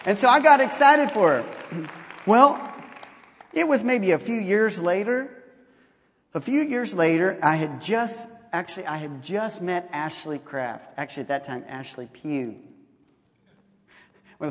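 High-voiced man preaching in a reverberant hall. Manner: animated, laughing often, acts out quotes. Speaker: pastor. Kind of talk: storytelling sermon.

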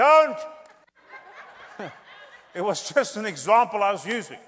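A middle-aged man preaching a lively revival sermon, jumping between loud declarations and quiet joking asides. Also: on the high side, moderate pace, pauses often, a little hiss or hum. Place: large church hall. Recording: church hall with long reverb.

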